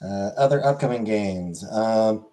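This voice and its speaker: A man's voice: fairly low pitch, unhurried, dark tone. A man streaming, chatting casually and rambling with lots of fillers while answering chat.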